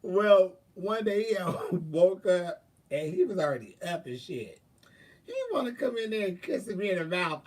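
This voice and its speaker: A man's voice: high voice, big pitch swings, moderate pace, a little mellow, distant mic. A man hosting a livestream, chatting with viewers and telling sassy, profane stories through bursts of laughter. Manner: gives frank advice to viewers. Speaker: livestream host. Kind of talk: casual storytelling chat.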